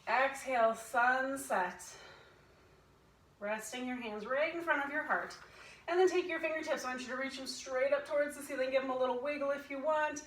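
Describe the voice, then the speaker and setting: A woman's voice: high voice, steady tone, normal speed, roomy sound, recorded from a distance, rough recording. A woman instructor guiding a family yoga class, playfully cueing breaths and inviting animal sounds.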